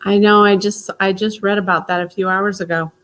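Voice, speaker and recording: A woman from Missouri hosting a casual group stream, easygoing and quick to laugh. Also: mid-range voice, little pitch movement, a bit bright, slight background noise. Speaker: host.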